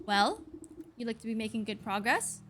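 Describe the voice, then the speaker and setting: A woman reading a sly witch protagonist's lines in a flattering, prying tone. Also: a little high, normal speed, slight background noise.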